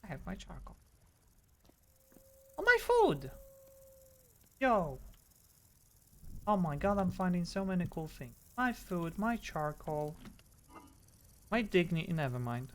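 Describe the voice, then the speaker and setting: A man streams a game and chats with a friend over voice chat. His voice is lively and swings up and down, breaking into loud, excited exclamations. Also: sits high, moderate pace. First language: Polish. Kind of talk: casual gaming chat.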